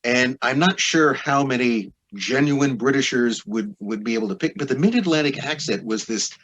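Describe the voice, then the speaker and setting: A man with a husky, slightly breathy voice talks through history as a podcast guest. He lectures in long, winding sentences and keeps circling back with asides. His pitch sits in a middle range. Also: expressive, moderate pace, fairly bright tone, highs cut off. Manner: discursive, lecturing with many asides. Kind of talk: podcast interview explanation.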